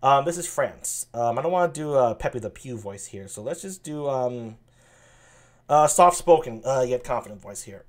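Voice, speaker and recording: A man's voice: medium pitch, animated, moderate pace. An older man streaming, making casual, chatty asides between the lines of a play reading. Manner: chatty, offhand, fillers.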